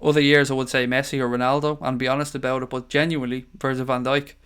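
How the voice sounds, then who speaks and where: A man's voice: medium pitch, level tone, fast talker, a bit bright, clean tone. A tired Irish man hosting a casual live stream, chatting loosely and reading out viewer comments. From Ireland. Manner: chatty, rambling, calls viewers mate. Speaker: livestream host.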